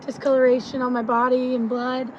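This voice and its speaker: A chatty young woman co-hosting a podcast, her voice sitting high. She talks loosely and laughs often. The outdoor recording is dull and lo-fi, with clear street and traffic noise behind her. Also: level tone, brisk. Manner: chatty, laughs easily, Southern "y'all". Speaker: podcast co-host. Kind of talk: casual chat.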